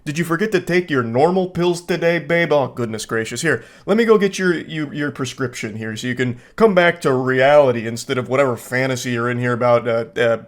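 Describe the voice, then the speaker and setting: A man's voice: mid-range voice, normal speed, hardly any pauses, lightly acted. A man putting on the voice of a smug, clueless boyfriend who plays dumb, in a mocking sing-song tone. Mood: condescending.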